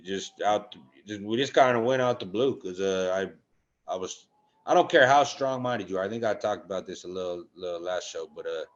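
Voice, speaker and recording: Low-voiced blunt man, dull lo-fi sound. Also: normal speed. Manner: blunt, swears, hesitant fillers. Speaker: podcast co-host. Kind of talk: casual sports betting chat.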